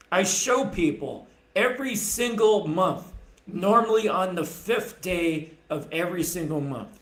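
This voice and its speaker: Man, streamer, angry profane rant, slow delivery, echoey room. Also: high voice, fairly bright tone. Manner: profane, heated and sarcastic.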